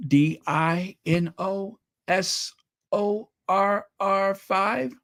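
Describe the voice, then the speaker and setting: Male channel host, fairly high voice, unhurried, emotional, chatty reaction commentary. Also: creaky, fairly bright tone. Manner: chatty, openly emotional, repeats phrases. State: voice getting strained.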